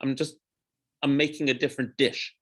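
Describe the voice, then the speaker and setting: A rabbi leading an informal Torah study class, talking through the text in a digressive way, chanting Hebrew phrases slowly and stopping to correct himself. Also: male voice, medium pitch, level tone.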